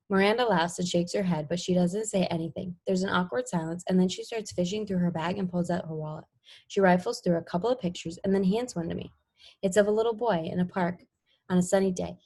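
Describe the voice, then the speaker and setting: A woman's voice: fairly low pitch, a little mellow. A woman reading a novel aloud in the first person, voicing the dialogue plainly with small slips and restarts. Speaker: reader.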